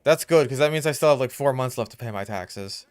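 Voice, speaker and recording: A young man giving casual, chatty commentary over his own gameplay, now and then bursting out in loud reactions. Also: medium pitch, brisk, dry recording. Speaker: gaming YouTuber.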